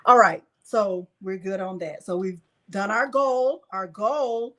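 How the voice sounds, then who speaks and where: A woman's voice: mid-range voice, slow pace, fairly bright tone, a little hiss or hum. A middle-aged woman hosting a craft livestream, chatting casually and emphatically repeating herself to viewers. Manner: repetitive, emphatic, talks to viewers.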